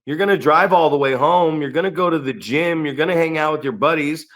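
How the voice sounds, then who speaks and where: A man talking on a podcast in a loose, blunt way, swearing freely and slipping into voices for the people he quotes. His voice sits a little high for a man. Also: a little fast, fairly bright tone. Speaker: podcast co-host and wrestling trainer. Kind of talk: casual podcast chat.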